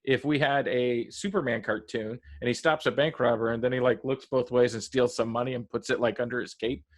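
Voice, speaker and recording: Male co-host, mid-pitch, rambling and halting with fillers, casual review talk. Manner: rambling, halting, many fillers, animated quoted voices. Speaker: podcast co-host reviewing a TV episode.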